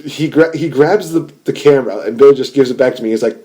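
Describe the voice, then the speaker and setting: Male podcast host, warm dark tone, casual rambling chat with frequent laughs. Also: mid-range voice, fast talker. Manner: rambling, laughs often, many restarts.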